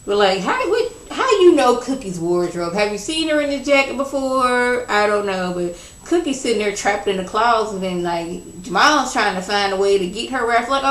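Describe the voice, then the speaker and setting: A woman's voice: medium pitch, expressive, moderate pace, fairly bright tone. Chatty woman recapping in an echoey room. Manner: chatty, slangy, peppered with "you know" and "like". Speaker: TV episode reviewer. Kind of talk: casual spoken recap.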